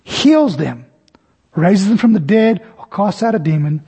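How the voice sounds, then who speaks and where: Husky and mellow, this man's voice is animated and a little slow as he preaches, narrating the scene like a story and performing its voices at shifting pitches. A long hall reverb surrounds him.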